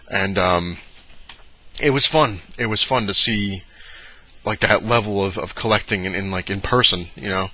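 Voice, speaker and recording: A man rambles excitedly through a story for his vlog, losing his thread and restarting often. His voice is bright and forward. The recording sounds dull and lo-fi. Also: lowish voice, moderate pace. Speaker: comic collector vlogger. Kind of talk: casual storytelling to camera.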